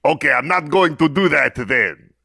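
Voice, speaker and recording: A man's voice: a little high, lively intonation, moderate pace, gravelly, sharp tone, breathy edge. A man playing in a tabletop game, describing his attacks in an enthusiastic, theatrical way. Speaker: player.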